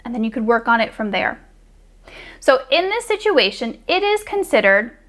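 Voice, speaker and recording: A woman with a slightly high voice coaches viewers on relationships. She explains patiently and plainly, acting out what a partner might say along the way. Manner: calm, explanatory, acts out example dialogue. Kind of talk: direct-to-camera advice talk.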